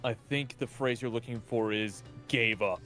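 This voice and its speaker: A man's voice: mid-range voice, steady tone, normal speed, a bit bright, soft background music. A man hosting a let's play, trading joking, self-deprecating banter while reading a game. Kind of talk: casual gameplay commentary.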